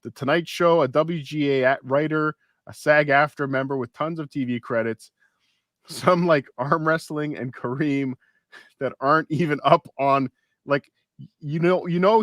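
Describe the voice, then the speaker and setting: A man co-hosting a casual podcast, reading posts aloud in a wry, deadpan way. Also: medium pitch, normal speed, no room sound, studio quality. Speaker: podcast co-host.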